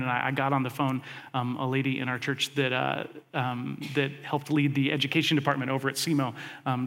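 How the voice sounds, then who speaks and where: A man preaching a sermon, speaking to his congregation conversationally, with lots of fillers and animated asides. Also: a little high, long reverb tail. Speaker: pastor.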